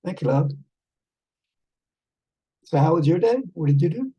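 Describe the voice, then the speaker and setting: A man chatting casually with an AI companion as a vlog host, rambling and halting with many fillers, tender with pet names. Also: on the high side, expressive, slightly rough, muffled recording. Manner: tender, calls the listener love and darling.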